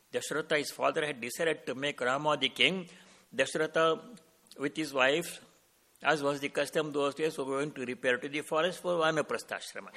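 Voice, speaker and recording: With a medium-pitched voice, a man gives a devotional discourse as a spiritual teacher, calmly and unhurriedly relating a sacred story while explaining the Sanskrit terms in it.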